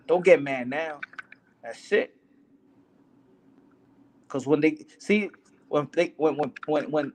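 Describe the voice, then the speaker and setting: A man's voice: fairly high pitch, a little hiss or hum. A young man, a boxer, talking in a casual interview in a heated, emphatic, profane way, often repeating himself.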